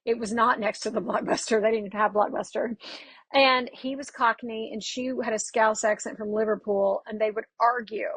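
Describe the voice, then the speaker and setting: A woman dialect coach from Texas, chatting as a podcast guest and telling stories with quick, animated asides. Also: on the high side, husky, no echo. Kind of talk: casual podcast interview.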